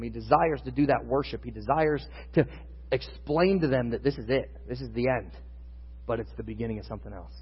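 A man's voice: medium pitch, slightly rough. Man preaching in an echoey hall. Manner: conversational teaching with fillers, rising in intensity. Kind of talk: sermon. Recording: muffled sound with long reverb in a hall.

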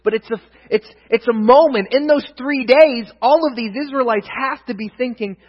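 A man preaching a sermon, retelling scripture as a story with dramatic swings between loud emphasis and hushed asides. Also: very high voice, moderate pace, few pauses, husky. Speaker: pastor. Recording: dull echoey hall, long reverb.

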